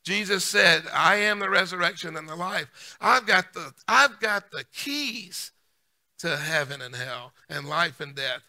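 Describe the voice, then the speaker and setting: Bright, emphatic male pastor preaching. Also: high-pitched, lively intonation, measured pace. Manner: emphatic, repeats key lines, swings from loud punch to soft aside. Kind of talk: sermon.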